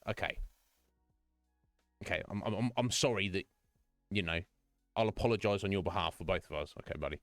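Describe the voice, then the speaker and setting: A man's voice: deep voice, a little fast, pauses often, no echo, studio quality, soft background music. A British man streaming and chatting casually, rambling through anecdotes with lots of asides. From Britain. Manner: rambling storytelling with quoted voices and laughs. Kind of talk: casual chat.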